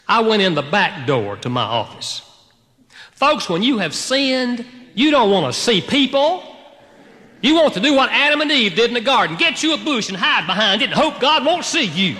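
Animated preacher, high bright voice, echoing hall. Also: male voice, normal speed. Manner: animated storytelling, shifting from loud to hushed. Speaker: pastor. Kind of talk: sermon.

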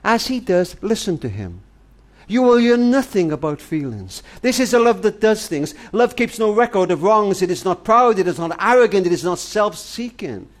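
Older guy, gentle grandpa talk, earnest and kinda high-voiced. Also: sing-song, normal speed. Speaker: family charity speaker. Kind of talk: heartfelt spoken monologue to a granddaughter.

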